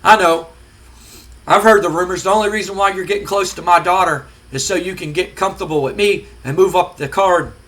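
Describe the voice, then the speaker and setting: A man doing a furious company boss defending his daughter, scolding and threatening. The voice sits a little high. The tone is bright and forceful. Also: quick pace, hardly any pauses. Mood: angry.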